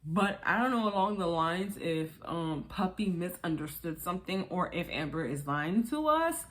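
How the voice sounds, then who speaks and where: A woman's voice: fairly low pitch, normal speed. A woman casually reviewing a reality TV episode, acting out the cast's lines and laughing along. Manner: animated, acts out quotes with laughs. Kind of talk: casual recap commentary.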